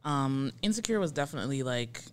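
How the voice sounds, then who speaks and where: A writer on a series chats as a guest on a podcast at a middling pitch. The talk is relaxed and hesitant, with many restarts and "like"s. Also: brisk. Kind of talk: casual interview chat.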